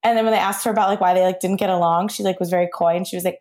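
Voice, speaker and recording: A woman's voice: lowish voice, racing, gravelly, hardly any pauses, a little mellow. A woman hosting a podcast in casual chat, rambling and hedging with lots of "like". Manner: rambling, hedging, heavy use of "like". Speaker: podcast host.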